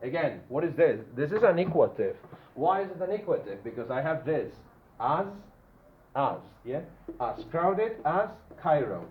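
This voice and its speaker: A man teaches a grammar lesson in a classroom, with a lively, rather high voice that rises and falls a lot. He checks in with the class often and stretches out his example words slowly. The recording is dull and lo-fi, with room echo and a faint hum behind. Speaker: English teacher.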